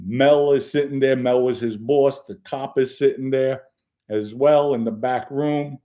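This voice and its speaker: A man's voice: mid-range voice, darkish tone. A man hosting a podcast, telling crime stories in a casual, blunt and profane way and acting out the lines he quotes. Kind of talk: casual storytelling monologue.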